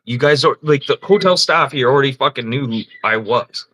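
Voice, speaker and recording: A man's voice: medium pitch, fairly quick, fairly bright tone, rough recording. A man hosting a livestream, chatting casually and telling rambling, profane stories while laughing often. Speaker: livestream host. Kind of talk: casual storytelling chat.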